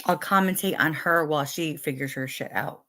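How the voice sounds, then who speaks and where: A woman's voice: low voice, moderate pace, pushed and bright. A woman co-hosting a casual livestream, teasing and joking with crude language. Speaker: livestream co-host.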